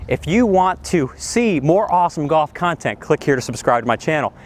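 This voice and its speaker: Middle-aged male golf coach, excitable range lesson outdoors, lively voice that swings up and down, slightly high. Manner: excitable, exclaiming over good shots. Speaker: golf instructor.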